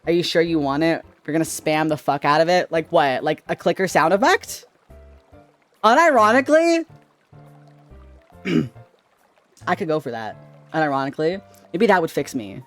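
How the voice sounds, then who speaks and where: A man chatting casually on a live stream, his voice bouncing up and down in pitch. He swears freely and shifts from loud to quiet as he talks. Faint music plays underneath. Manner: animated, swings between loud and quiet.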